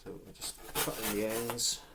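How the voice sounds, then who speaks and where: A man's voice: fairly low pitch, little pitch movement, moderate pace, gravelly. A man chatting casually as an online book seller, talking while he packs an order. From United Kingdom. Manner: chatty, easygoing, talks while working with his hands. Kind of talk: casual vlog narration while packing. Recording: loud background noise with clicks.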